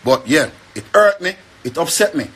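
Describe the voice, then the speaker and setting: A man's voice: on the high side, sing-song, moderate pace, fairly bright tone, husky. A young man with a Jamaican accent, rambling and pleading in an emotional rant to the camera. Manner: pleading, rambling, repeats himself.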